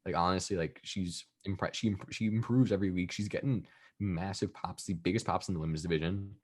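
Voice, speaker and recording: A man's voice: deep voice, steady tone, a little fast. A man co-hosting a wrestling podcast, rambling with many restarts and "I mean"s. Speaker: podcast co-host. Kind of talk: casual chat.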